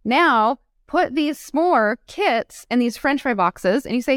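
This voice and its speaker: A guest entrepreneur with a high-sitting voice speaks at a slow pace yet with hardly any pauses. In a casual interview she acts out the quotes in her stories and laughs often. The recording is dry and studio quality.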